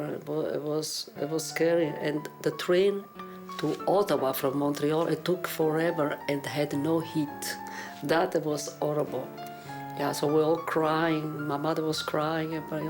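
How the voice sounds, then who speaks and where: A woman in her sixties from Italy with an Italian accent, telling her story animatedly in a documentary interview. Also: low voice. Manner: animated storyteller acting out dialogue. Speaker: interviewee, opera singer.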